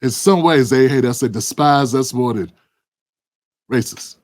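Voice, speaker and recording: His voice is mid-range and darkish, his pace measured, as this man gives fervent political commentary. He preaches, fires off rhetorical questions, and addresses his co-host by name.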